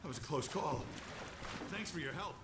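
A man's voice: on the high side, lively intonation, normal speed, very noisy, natural voice. An actor playing an adult male resistance fighter in a video game, giving urgent warnings. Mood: relieved.

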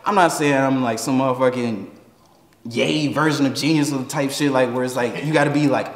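Houston rapper guest, loose and cussing, echoey long-tailed room sound. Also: male voice, medium pitch, brisk. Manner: profane, animated, laughs often. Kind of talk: casual interview talk.

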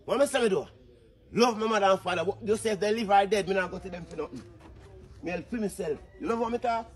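A man's voice: sits high, soft background music. A man with a Jamaican accent talking heatedly in patois, pressing his points and demanding agreement. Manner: emphatic, rapid-fire, keeps demanding agreement. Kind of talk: heated street talk in patois.

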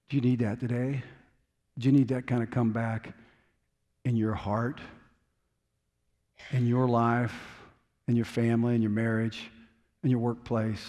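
A man pastor preaching a sermon, swinging from loud urging to hushed, quiet intensity. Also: medium pitch, a little slow, pauses often, long reverb tail. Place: church sanctuary.

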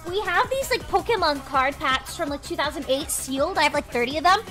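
Bubbly high-voiced young woman streamer. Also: lively intonation, fairly quick, bright, forceful tone. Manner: bubbly, rambling, heavy "like" and "freaking". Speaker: livestream host. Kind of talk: casual livestream chat. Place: indoors at home desk. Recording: faint music behind.

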